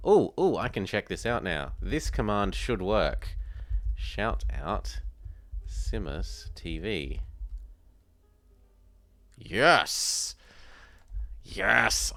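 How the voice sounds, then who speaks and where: A man's voice: low-pitched, fairly bright tone. An Australian man from South Australia, chatting casually as he streams a strategy game, thinking aloud and answering viewers. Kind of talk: casual live gameplay commentary.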